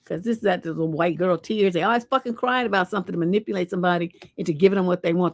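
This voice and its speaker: A woman's voice: mid-range voice, rapid-fire, hardly any pauses, no echo. A woman hosting a livestream advice show as a relationship coach, giving blunt, profane, scolding advice.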